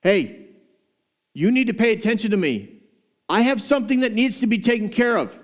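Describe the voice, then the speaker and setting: A man's voice: sits high, quick pace, a little mellow, muffled recording, pitched above the performer's own voice, natural voice. A preacher voicing a widow who insists on her rights and pleads to be cared for. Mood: insistent. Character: desperate, insistent old widow.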